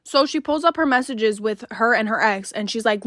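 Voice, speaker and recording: A woman's voice: a little high, moderate pace, fairly bright tone, no room sound. A woman telling a casual storytime close to a phone mic, chatty with lots of "like" fillers and casual swearing.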